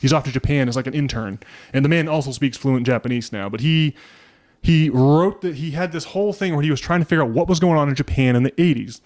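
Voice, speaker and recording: A man's voice: on the high side, fast talker, a little mellow. A man co-hosting a casual podcast, rambling through a story with lots of restarts. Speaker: podcast co-host.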